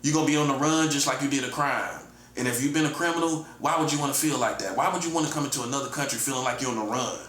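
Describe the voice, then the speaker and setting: A man's voice: medium pitch, racing, few pauses, fairly bright tone. A man in his forties with a defiant, taunting manner, talking in a solo monologue and repeatedly addressing his listener as "buddy.". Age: 40s. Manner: taunting and repetitive, keeps saying "listen, buddy"; defiant, chuckles between points. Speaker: self-styled prophet streamer. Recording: roomy echo with faint room noise.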